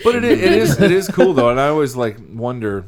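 A man's voice: medium pitch, sing-song, fairly quick, over a noisy crowd. A man from the United States co-hosting a comedy podcast, rambling with many filler words in casual chat. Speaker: podcast co-host.

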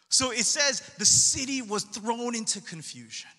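Brief: male preacher, high, very bright voice, casual slangy storyteller, echoing church hall. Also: normal speed, few pauses. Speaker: pastor. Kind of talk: sermon. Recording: long hall reverb.

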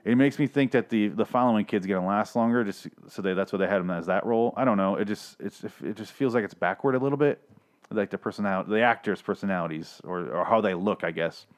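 A man with a voice on the low side talks fast as he casually recaps and rants about a TV show by himself. The reviewer is sarcastic and profane, rambling with frequent restarts.

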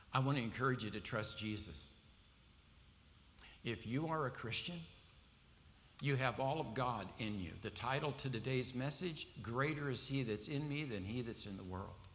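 A man's voice: medium pitch, fairly bright tone, long reverb tail, a little hiss or hum. A man preaching a sermon, earnest and emphatic, reading scripture aloud.

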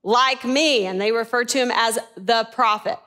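A woman teaching a Bible lesson in a sermon style, animated and asking her listeners questions. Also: fairly high pitch, moderate pace.

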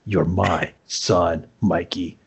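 A man voicing a gruff, proud middle-aged father who speaks quietly and earnestly, with a husky voice. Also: low voice, steady tone, drawn-out words, voice pushed down, exaggerated voice. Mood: tender.

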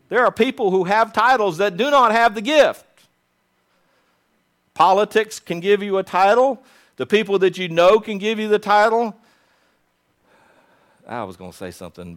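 A man delivers a sermon in a fairly high voice. He talks conversationally to the congregation and builds to urgent, insistent exhortation. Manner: retells a story in a low, quiet voice. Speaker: pastor.

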